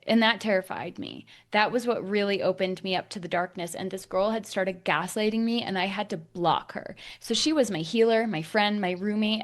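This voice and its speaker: A woman hosting a podcast, telling a personal story in a rambling way, full of restarts and fillers, dropping her voice low at the darker moments. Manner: rambling, many restarts and "like", drops to a hush at dark moments. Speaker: podcast host.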